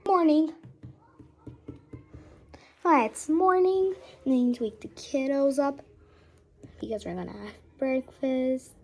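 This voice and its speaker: A woman voicing a calm, caring mother in a toy animal family, patient and gently reassuring. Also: high voice, slow, pauses often. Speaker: toy storyteller voicing all the figures.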